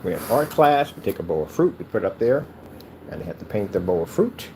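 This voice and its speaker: Rambling playful man, low dark voice. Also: big pitch swings, quick pace, slight background noise. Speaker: cardboard PC case builder. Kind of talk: casual chat while crafting.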